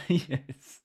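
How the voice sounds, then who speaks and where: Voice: mid-range voice, creaky, a little mellow, breathy edge. A streamer with a French accent chatting casually on a live stream, laughing often and swearing offhandedly.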